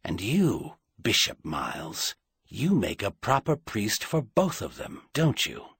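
Audiobook villain: a man playing a soft-spoken, icy male guardsman, deep and low, husky edge, unhurried menace. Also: big pitch swings, no room sound, clean studio sound, heavily acted. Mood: coldly menacing. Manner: cold and precise.

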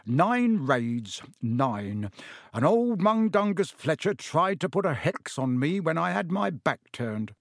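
A mild, sheepish wizard father, weary and fumbling for words, as a storyteller puts him on. He stammers when cornered and perks up eagerly. The voice sits a little high and sounds dry and close. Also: sing-song, slow, vocal fry, dry recording, full character voice. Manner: mumbling, stammering, tired then eager.

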